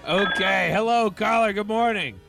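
A man's voice: high-pitched, normal speed, gravelly, music in the background. A man hosting a morning radio call-in show, upbeat and laughing along with callers. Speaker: radio DJ host. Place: radio studio.

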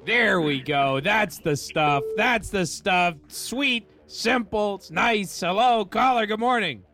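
A man's voice: high-pitched, takes it slowly, music in the background. A man hosting a morning radio call-in show, upbeat and laughing along with callers. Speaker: radio DJ host. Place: radio studio.

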